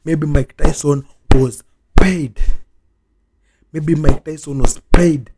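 A man's voice: on the high side, steady tone, slow pace, background noise. A man hosting a reaction video, venting in a casual, repetitive rant and chanting the same complaint over and over.

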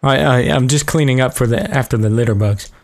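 A man hosting a let's play, talking over the game with a joking, foul-mouthed running commentary. His voice sits at an ordinary middle pitch, and he reacts aloud to each moment in an offhand way. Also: brisk. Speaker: gaming video host.

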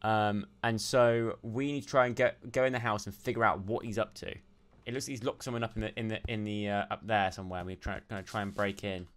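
A young man doing let's play commentary, excitable and jumpy, yelping and shouting when startled. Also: lowish voice, fairly quick, slight background noise. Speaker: gaming YouTuber.

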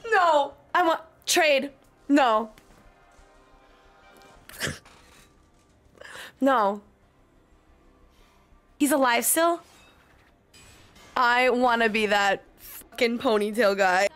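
A woman's voice: on the high side, very slow, pauses often, fairly bright tone, faint music behind. A young woman reacting live to an anime episode, gasping, swearing and pleading at the screen.

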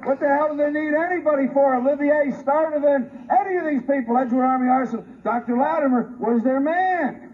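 A man's voice: extremely high pitch, fairly quick. A man, a forensic pathologist, giving a combative, sarcastic, emphatic debate speech to a colleague. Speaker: forensic pathologist on a review panel. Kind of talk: heated public debate speech. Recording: muffled lo-fi archive recording with faint hiss.

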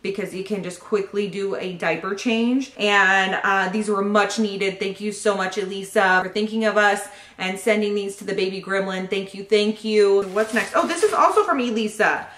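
A young pregnant woman in a casual vlog, excitedly opening baby gifts and thanking each sender. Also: medium pitch, normal speed, hardly any pauses. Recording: echoey room.

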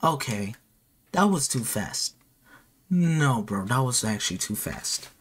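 A man reacting excitedly and in slang while playing a horror game for his channel. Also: medium pitch, takes it slowly, slightly rough. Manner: excitable, slangy, jumpy exclamations. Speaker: gaming YouTuber. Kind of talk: reactive gameplay commentary.

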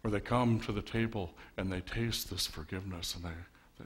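A male pastor delivers a sermon in a low voice. He keeps it wry and conversational and works the congregation with rhetorical questions. He speaks from a church sanctuary. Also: moderate pace, slight background noise.

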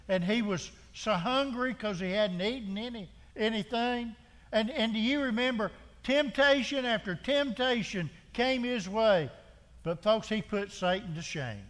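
A man's voice: high voice, a bit bright, long reverb tail. A man preaching a sermon as pastor, driving home his point with repeated rhetorical questions and frequent restarts. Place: church sanctuary.

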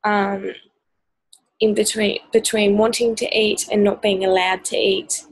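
A woman's voice: medium pitch, flat delivery, a little slow, breathy edge, no echo, low-quality recording. An Australian woman vlogging straight to camera, earnest and hesitant with many ums, sounding exhausted. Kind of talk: personal talk to camera.

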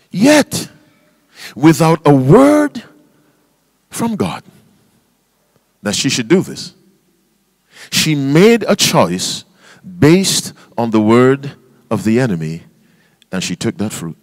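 A man's voice: medium pitch, huge pitch swings, takes it slowly, long pauses, no room sound. A male pastor preaching a sermon, quizzing his congregation with call-and-response questions and reading scripture aloud with emphasis. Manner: reads scripture aloud in King James wording; emphatic, spells out words for stress.

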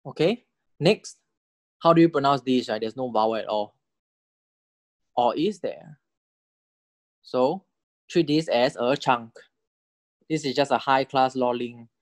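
In this recorded lecture on Thai spelling and tones, a male teacher proceeds step by step, repeating each example word several times and shifting his pitch up and down to illustrate the tones. He patiently stops to check on the listener, often asking "correct?" or "okay?" His voice is at an ordinary middle pitch, and the audio is close and dry without room echo.

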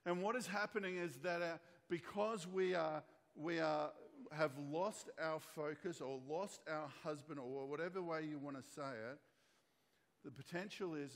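A man preaching a sermon as pastor, retelling a story and acting out the voices of its characters. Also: a little high. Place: church hall. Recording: long church hall reverb.

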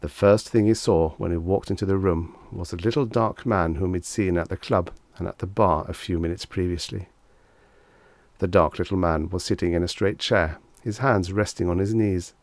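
A man narrating a vintage short story as an audiobook reader, in a steady storytelling manner. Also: deep voice, normal speed, dry recording.

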